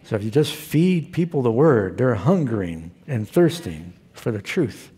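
A man's voice: mid-range voice, big pitch swings, unhurried, warm tone, husky. A male pastor who preaches a sermon in a folksy, storytelling way.

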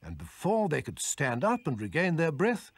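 A man reading scripted storybook narration in a lively, expressive way. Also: a little high, moderate pace, breathy edge, dry recording.

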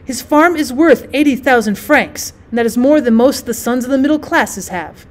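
A woman reading aloud the lines of an anxious, hesitant middle-aged gentleman who turns cold and curt. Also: high voice, animated, normal speed. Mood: strained.

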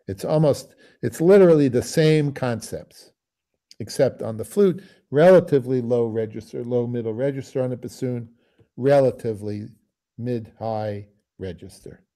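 A man teaching a music masterclass, musing aloud and singing phrases to explain them. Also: medium pitch. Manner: musing, sings phrases, trails off quietly. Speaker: bassoon teacher giving a masterclass.

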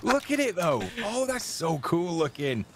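A man's voice: high voice, big pitch swings, a little slow. Teasing gamer man, noisy mic. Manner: teasing, laughing often. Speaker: co-op gaming guest. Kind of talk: casual co-op gameplay chat. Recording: clear background noise.

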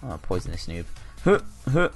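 A young man giving live commentary over his own gameplay, jumping between loud outbursts and muttered asides. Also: sits low, sing-song, moderate pace, soft background music. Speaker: gaming channel host.

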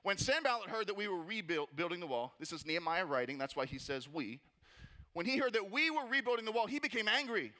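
A young man preaching a lively, jokey sermon as a pastor, repeating words and acting out voices as he goes. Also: high voice, fast talker. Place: church auditorium.

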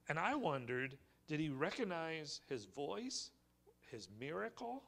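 A man's voice: fairly high pitch, very animated, slow, fairly bright tone. Man preaching a conversational sermon. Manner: conversational storytelling with light humor. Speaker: pastor. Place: church sanctuary.

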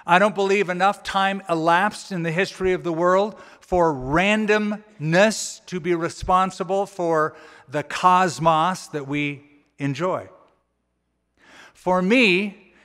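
A man preaches from the pulpit, casually retelling scripture and slipping into lively quoted voices. His voice sits a bit high. The sound rings with the long reverb of a church hall. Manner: conversational, folksy paraphrasing with animated quoted voices. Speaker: pastor. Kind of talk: sermon. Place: church auditorium.

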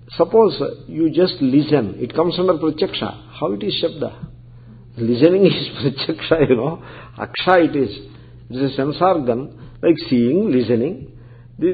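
Gravelly swami on a tinny line. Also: male voice, on the high side. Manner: conversational, explanatory, peppered with Sanskrit terms. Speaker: Vedanta teacher, swami. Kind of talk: scripture lecture. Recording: tinny phone-like recording.

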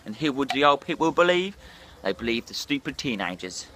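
A man's voice: medium pitch, very animated, fairly quick, heavy background noise. A hungover man, ranting and swearing bluntly in a rambling vlog monologue while drinking. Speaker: drinking vlogger.

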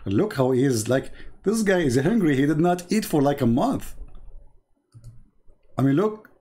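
A man's voice: fairly high pitch, sing-song, unhurried, dark tone. A man hosting a live stream, mocking and laughing in broken English as he comments on a video. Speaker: livestream host.

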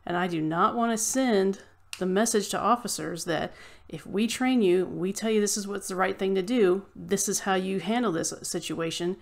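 A woman's voice: mid-range voice, normal speed, vocal fry. A woman vlogger delivering an impassioned, ranting opinion monologue straight to her viewers.

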